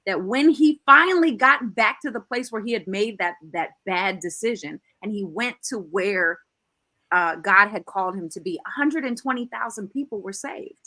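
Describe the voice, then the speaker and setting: Bright, passionate woman radio host. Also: mid-range voice, animated, normal speed. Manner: passionate, preacherly, emphatic. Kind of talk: talk show chat turning preachy.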